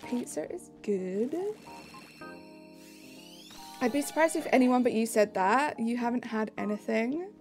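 A woman's voice: fairly high pitch, darkish tone. A young woman live streaming, answering chat messages in a bubbly, casual way.

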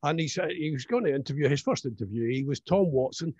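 A man's voice: on the high side, animated, fast talker, a little mellow, slightly rough, dry recording, muffled recording. A man co-hosting a radio show, teasing his partner with mock-serious questions in casual banter. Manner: teasing, hesitant, full of restarts. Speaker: radio co-host.

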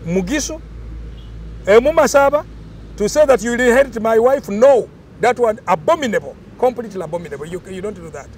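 A man's voice: very high voice, expressive, brisk, a little hiss or hum. An older man, explaining cultural traditions in an emphatic, storytelling way during an interview.

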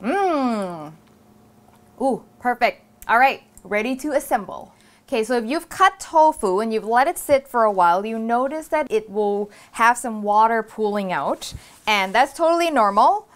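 A woman's voice: fairly high pitch, animated, moderate pace. A woman hosting a cooking show, walking through a recipe step by step in a casual, upbeat, chatty way.

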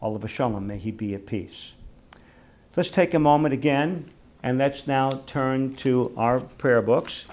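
Older man, rabbi, memorial sermon, gentle, heartfelt, mid-pitched voice. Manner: gentle, heartfelt storytelling, slow for readings.

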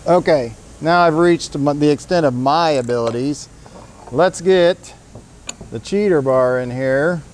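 A man's voice: a little high, a little slow, darkish tone, slight background noise. A man presenting his company's tool in a casual, upbeat product demonstration with salesman energy, in a workshop.

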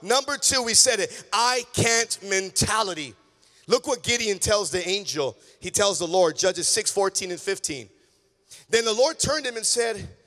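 A man preaching a sermon as pastor in a church, telling a story with swings from hushed tones to shouting. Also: high voice, expressive, unhurried. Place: church sanctuary. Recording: long reverb of a large hall.

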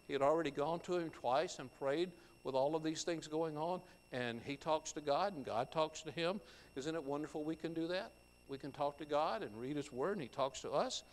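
Male pastor, sermon delivery, scripture reading with commentary; slightly high voice, long church reverb. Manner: reads scripture aloud and explains it verse by verse. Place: church sanctuary.

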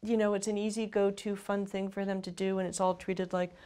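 A woman's voice: medium pitch, little pitch movement, fairly quick, warm tone, clean tone. A woman in her fifties, an author being interviewed, speaking reflectively with frequent restarts and asides.

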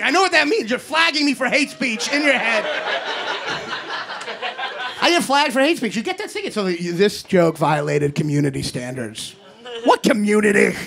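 A man in his thirties doing a stand-up set in a comedy club, ranting in an exasperated way and shouting his punchlines into a handheld mic. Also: sits high, creaky. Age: 30s. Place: comedy club basement before a live audience. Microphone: handheld stage microphone. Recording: live club recording with audience noise. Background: audience laughter.

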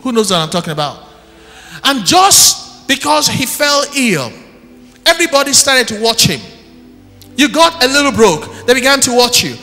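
A man preaching an impassioned sermon, shouting one moment and dropping low the next, recorded live in church. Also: sing-song, normal speed, soft background music. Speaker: pastor. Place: church hall. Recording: live church recording with long hall reverb.

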